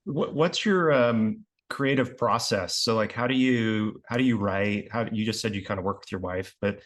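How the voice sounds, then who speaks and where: A man's voice: on the low side, normal speed. A man hosting a podcast, asking curious, rambling questions full of fillers. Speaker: podcast host. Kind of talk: casual interview questions.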